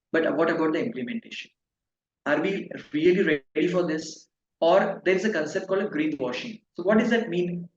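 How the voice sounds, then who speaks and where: Speaking with a fairly high pitch, a pharmaceutical consultancy director in his fifties gives hesitant interview answers packed with fillers and false starts. The clip has an echoey, muffled quality and faint background noise.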